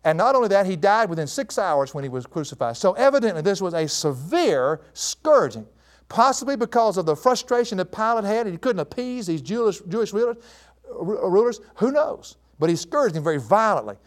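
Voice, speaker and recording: Male preacher, sermon delivery, high-pitched and highly expressive, addresses the listeners as folks. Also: a little fast. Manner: animated, asks the listeners questions and calls them folks. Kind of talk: expository sermon.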